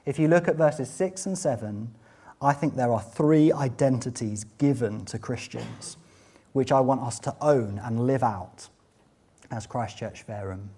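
A man preaching a sermon, swinging between loud, fervent exclamations and quiet, conversational asides. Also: mid-range voice, unhurried, slightly rough. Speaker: pastor.

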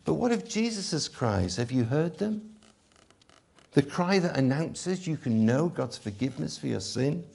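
A man preaching an Easter sermon, emphatic and swinging between loud and hushed delivery. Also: a little high, sing-song, unhurried, vocal fry, breathy edge. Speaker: pastor.

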